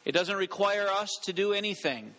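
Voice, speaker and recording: A male pastor reading scripture and preaching a sermon in a measured, earnest way, in a church. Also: sits high, lively intonation, fairly bright tone. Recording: long church reverb.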